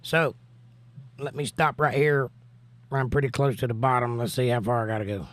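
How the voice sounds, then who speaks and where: Folksy Southern man, hoarse. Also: mid-range voice, steady tone, moderate pace, no echo. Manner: easygoing, folksy, drawling. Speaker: livestream host. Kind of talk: reading chat comments aloud on a livestream.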